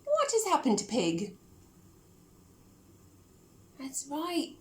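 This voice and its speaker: Animated woman reading a children's story. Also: a little high, slow. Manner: animated, asks the listener questions. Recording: echoey room.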